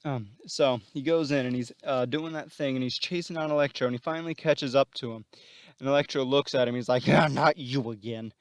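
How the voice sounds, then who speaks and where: A man's voice: medium pitch, fairly even intonation, fairly quick, clean tone, no room sound. A man casually retelling a story plot, rambling and full of fillers.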